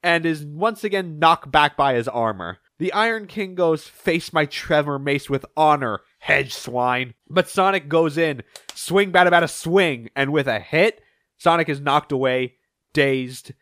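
A young man recaps comics with lively energy, jumping in and out of character voices as he reads their lines. His voice sits a touch high for a man, and it is recorded close and dry with almost no room sound. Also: a little slow, dry recording. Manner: animated, acts out characters' lines in shifting pitch. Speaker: podcast host. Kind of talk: comic recap reading with quick voiced quotes.

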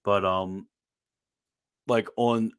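A young man with a Maryland accent tells a story in a halting, rambling way, full of ums and restarts. His voice sits very low, and the sound is close and dry with no room in it. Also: steady tone, smooth, no echo. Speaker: podcast host. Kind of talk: casual chat.

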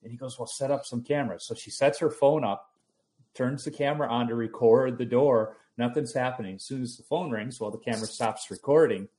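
Male host, young adult, casual storytelling, animated anecdotes, mid-pitched voice. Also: a little fast.

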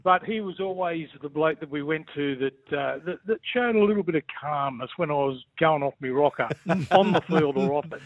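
A man's voice: on the high side, normal speed, few pauses, dry recording. An older Australian man, a former footballer calling in, joking and ribbing his mate and saying "mate" constantly. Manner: rowdy, jokey, says mate constantly. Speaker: former rugby league player calling in. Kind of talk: casual banter. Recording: tinny phone line, dry.

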